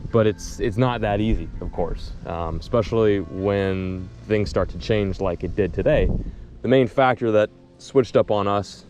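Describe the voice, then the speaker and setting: A man with a fairly low voice narrates his fishing day from a boat on a lake, talking loosely and excitably, even chatting to the fish he lands. Soft music plays faintly behind him. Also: a little slow. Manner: excitable, talks to fish and trees, slangy. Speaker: fishing vlogger. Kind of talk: casual running commentary while fishing.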